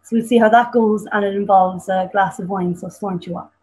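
A woman's voice: medium pitch, steady tone, fairly quick, a little mellow, rough recording. A woman with an Irish accent, a poet who chats about her memories over a weak video call, then recites her poem with emphatic, dramatic delivery. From Ireland. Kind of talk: introducing and performing a poem. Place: home on the coast. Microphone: video call over a weak connection.

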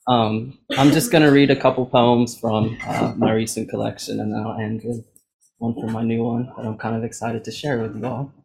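Hesitant gravelly man introducing his poems. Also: medium pitch, level tone, moderate pace, a little mellow, a little hiss or hum, low-quality recording. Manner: hesitant, self-deprecating, many fillers. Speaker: poet reading his work. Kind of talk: poetry reading.

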